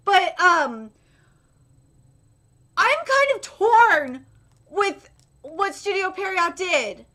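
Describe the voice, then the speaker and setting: Very high, excitable woman streamer. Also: drawn-out words. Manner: excitable, swings from muttering to shrieking, swears freely. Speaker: anime reaction streamer. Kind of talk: live reaction commentary.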